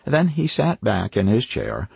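A man's voice: on the low side, wildly swooping pitch, a little slow, gravelly, darkish tone, breathy edge, no echo. A man narrating a first-person crime novel in a wry, hard-boiled manner with dry asides. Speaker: audiobook narrator.

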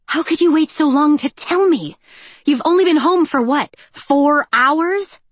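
A woman voicing an excitable, theatrical teenage girl who gushes and whines, in an audiobook. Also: on the high side, moderate pace, dry recording, pitched above the performer's own voice. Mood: exasperated. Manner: gushing, whiny, theatrical. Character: excitable teenage girl, dramatic, bubbly stepsister.

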